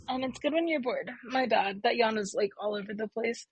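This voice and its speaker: Drowsy woman with a husky voice. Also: fairly high pitch, moderate pace, few pauses, darkish tone, no echo, lo-fi sound. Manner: drowsy, terse replies. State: sleepy, just woke up. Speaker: podcast guest. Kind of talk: casual chat.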